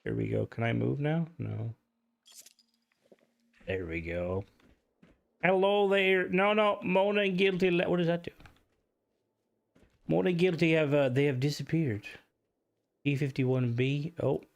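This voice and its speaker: A man's voice: a little high, measured pace, gravelly, pauses often. A man streaming a video game live, chatting casually with viewers, swearing freely and reacting aloud to what happens on screen. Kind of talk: casual live gameplay commentary.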